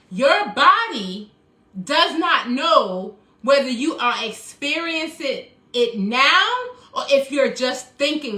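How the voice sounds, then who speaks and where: A woman's voice: high-pitched, sharp tone. A middle-aged woman, coaching viewers on a live stream in an emphatic, preachy way and thanking commenters by name. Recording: echoey room.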